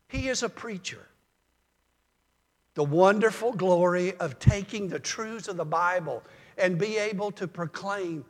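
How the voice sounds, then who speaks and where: An older male pastor preaches, settling into folksy stories at a calm, measured pace. For a man, his voice is fairly high. The long reverb of a church sanctuary surrounds the sound.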